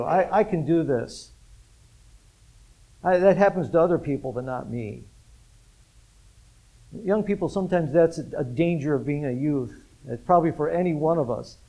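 A man delivers a sermon in a loose, conversational style, with a voice pitched a little above the usual. He often stops to question his congregation, repeats their answers and laughs lightly along the way. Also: mellow, rough recording. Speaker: pastor. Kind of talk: interactive sermon.

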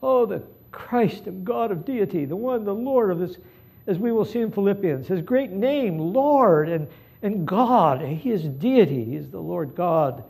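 A pastor preaching a live sermon in a mellow, husky voice with a gravelly edge, pitched a little high for a man. He pleads earnestly and moves between hushed passages and emphatic ones. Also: animated, a little slow.

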